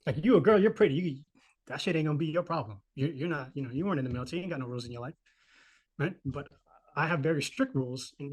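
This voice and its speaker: This thirty-something man's mid-range, slightly rough voice carries a personal story told in relaxed podcast conversation. He swears freely, stays animated, and imitates the people he describes.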